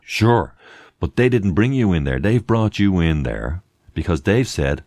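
A man's voice: sits low, sing-song, a little slow, a little mellow, no echo. A man hosting a live stream, chatting casually, asking rhetorical questions and thanking viewers by name. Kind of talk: casual live-stream talk reading chat.

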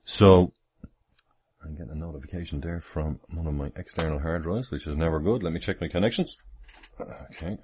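A man's voice: extremely low pitch, brisk, darkish tone, breathy edge. A man, chatting casually on a livestream from home with many chuckles and rambling asides. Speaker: livestream host. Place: home, near the kitchen.

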